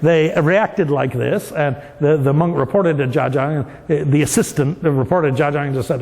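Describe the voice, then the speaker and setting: Gravelly man lecturing in a reverberant hall. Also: fairly high pitch, measured pace, few pauses, a little mellow. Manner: explanatory, restarts phrases, laughs lightly. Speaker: professor giving a dharma talk. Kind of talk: storytelling lecture. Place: large temple hall. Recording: long reverb of a temple hall.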